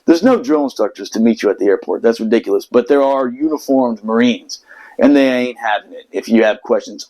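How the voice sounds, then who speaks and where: A man's voice: medium pitch, a little fast, a little mellow, poor audio. A man from the United States telling a long story in casual chat, profane and rambling, with many restarts. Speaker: podcast host telling a story.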